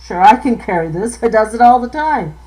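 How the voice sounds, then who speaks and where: A woman's voice: a little high, expressive, fairly quick, dark tone, natural voice, rough recording. Woman voicing a young outport woman, blunt, sarcastic, folksy dialect grammar, storybook reading.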